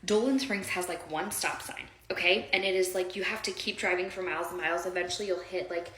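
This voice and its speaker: A woman's voice: on the low side, fairly even intonation, a little fast, a bit bright. Chatty woman telling her story, roomy echo. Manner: rambling and heartfelt, many "like" fillers, addresses viewers directly. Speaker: storyteller recounting her own past. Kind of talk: casual personal storytelling to viewers.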